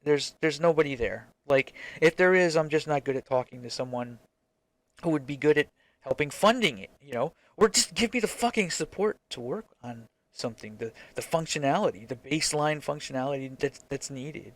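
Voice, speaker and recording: A man's voice: a little high, moderate pace. A man talking to camera in a casual, reflective vlog as an indie game developer. He is frank, rambles with many restarts, and swears freely.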